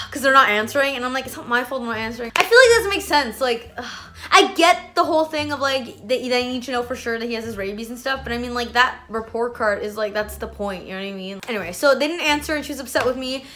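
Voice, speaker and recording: A woman's voice: fairly high pitch, fast talker, a bit bright. A young woman vlogger from Canada telling an exasperated storytime rant in a chatty way, full of "like.". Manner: chatty, exasperated, heavy use of "like".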